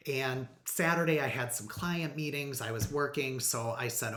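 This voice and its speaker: A man casually telling his own story to the camera, earnest and animated, with some fillers. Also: medium pitch, normal speed, few pauses. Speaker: vlogger. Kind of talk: casual personal vlog. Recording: roomy echo.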